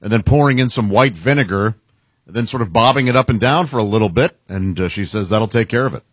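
A man co-hosting a radio show, playful and quick to laugh in casual banter. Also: fairly low pitch, breathy edge, dry recording.

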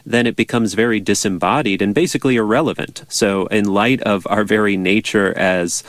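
A man, a priest and bioethics professor, answering interview questions in a measured, thoughtful way. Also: fairly low pitch, dry recording. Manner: measured, thoughtful, with some restarts. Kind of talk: explaining in a radio interview.

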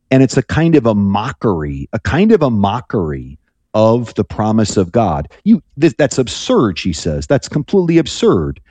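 A man's voice: lowish voice, dark tone, dry recording. A man who is a priest, guest on a call-in radio show, speaking thoughtfully and rambling with restarts. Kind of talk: reflective radio talk.

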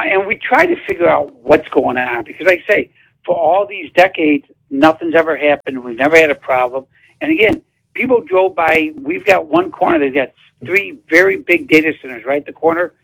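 A man's voice: on the high side, gravelly, a bit bright, slightly rough, rough recording. A man, a town mayor calling in to a radio show, answering bluntly and emphatically. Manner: blunt, emphatic, dismissive of controversy. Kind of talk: radio phone interview.

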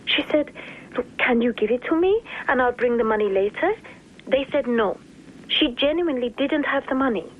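A woman's voice: on the high side, lively intonation, moderate pace, a little hiss or hum. A woman speaking on a phone interview, telling of hospital conditions in an urgent, indignant way. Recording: tinny phone line.

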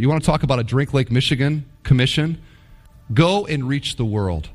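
A man preaching a sermon, retelling Bible stories with animated voicing of the characters' complaints. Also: medium pitch, moderate pace. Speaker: pastor. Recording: long hall reverb.

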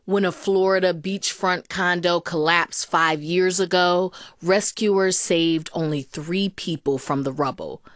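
Low-voiced woman hosting the news. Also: steady tone, a little slow, few pauses. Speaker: radio news host. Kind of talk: news interview and introductions.

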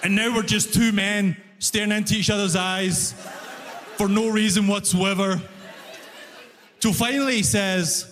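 High-voiced man doing stand-up in a hall. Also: unhurried. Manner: animated storytelling, exasperated, often shouting. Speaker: stand-up comedian. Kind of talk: stand-up comedy set. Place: large music hall stage. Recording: long reverb of a concert hall.

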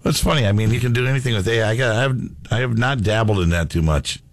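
A man's voice: fairly low pitch, quick pace, no echo. A man co-hosting a sports radio show, chatting casually and reading listener messages aloud.

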